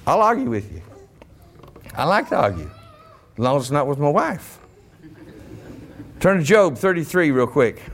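Man, middle-aged preacher, high-pitched, very lively pitch, folksy, shouting bursts. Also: normal speed, pauses often, slight background noise. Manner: animated, shouting bursts, folksy Southern phrasing. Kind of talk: sermon.

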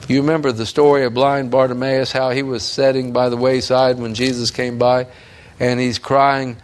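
A male preacher delivering a sermon with a smooth, resonant voice at a middling pitch. He preaches fervently and with emphasis, building intensity as he drives his points home. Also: level tone, normal speed.

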